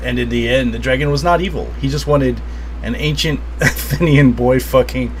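A man reading out party game cards and keeping score in a casual, excitable, laughing way. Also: normal speed, heavy background noise. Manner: excitable, laughing, swings loud and high. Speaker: player.

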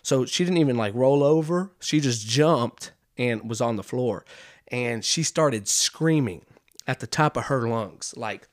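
A man hosting a podcast, telling a comedic story in a rambling, animated way and calling the listener "dude". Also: mid-range voice, a little slow. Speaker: podcast host.

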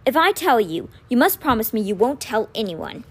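A woman's voice: fairly high pitch, very animated, normal speed, slightly rough. A woman reading a storybook aloud, voicing an earnest teenage boy who pleads urgently with his twin brother. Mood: pleading.

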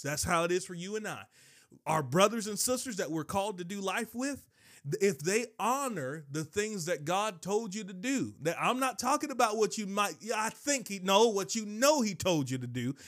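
A man preaching a sermon, emphatic and repetitive, his voice leaping from low stresses to high shouts. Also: no echo, clean studio sound.

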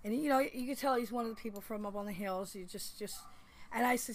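A woman tells her own story in a loose, casual interview. She is animated and laughs easily, swears freely, and acts out the voices of the people she meets. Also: a little high, quick pace. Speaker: guest, former anchor-out resident.

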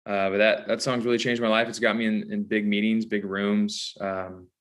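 A man's voice: fairly low pitch, little pitch movement, moderate pace. A man from Southern California, a songwriter guest, talking easygoing with many fillers. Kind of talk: casual interview chat.

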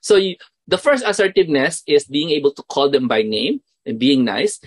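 A man with a Filipino accent gives an animated, casual spoken lesson. He often asks his listeners questions and drops quick Tagalog asides. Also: mid-range voice, slightly rough, dry recording. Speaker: mentoring course instructor.

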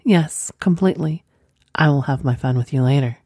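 A calm, commanding lover with a soft, reassuring way of speaking, read by a woman. The voice sits low and mellow. It is recorded dry and close, like a storybook audio. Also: normal speed, no echo.

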